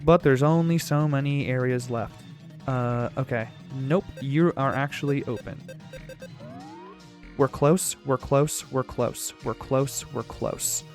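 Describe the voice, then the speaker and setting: Slow-talking man narrating a puzzle game. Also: mid-range voice, soft background music. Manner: repeats phrases, talks to the game. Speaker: gaming YouTuber. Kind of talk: let's-play commentary.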